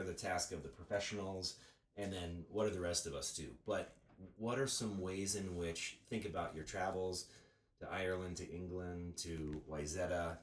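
A low-pitched man hosts the talk, asking reflective questions in a thoughtful, searching way. His voice echoes around the room, with a faint hiss under it. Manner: thoughtful, searching, repeats phrases. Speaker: host.

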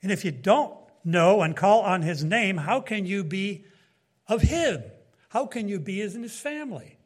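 A man's voice: sits high, animated, unhurried. A man preaching a Bible teaching in sermon style, emphatic, with rising and falling delivery and asides to his listeners.

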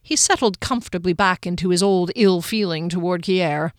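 Measured woman narrating a fantasy audiobook. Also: fairly low pitch, dry recording, clean studio sound.

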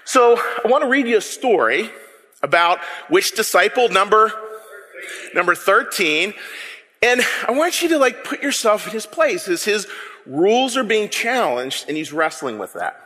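A man preaching a sermon, animated and joking with his congregation in a church hall. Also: high-pitched, moderate pace. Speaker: pastor.

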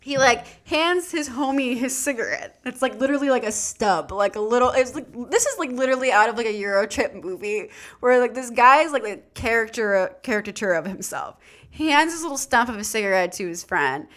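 A woman's voice: a little high, lively intonation, brisk, fairly bright tone. A young adult woman, a podcast co-host, telling a long casual story, acting out quoted voices with lots of "like".

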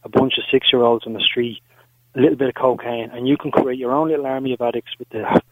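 A man's voice: medium pitch, flat delivery, quick pace, no room sound. A man calling in to a radio show, insistent and lecturing, impatient with the host. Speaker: caller. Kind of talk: arguing on a radio phone-in. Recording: tinny phone line.

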